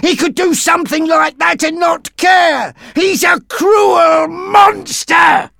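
Brief: a man playing a broken, brooding man in a wheelchair, raised pitch, screaming rage, dry sound. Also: sing-song, measured pace, creaky, dry recording, heavily acted. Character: bitter disabled man in a wheelchair, brooding, volatile.

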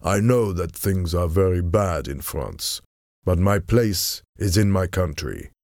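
A man voicing a steady young man who calmly refuses his sister in a storybook reading. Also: low-pitched, slow pace, dry recording, studio quality, exaggerated voice. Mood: firm reassuring. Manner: calm, firm, quiet. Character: steady, devoted young man, her brother.

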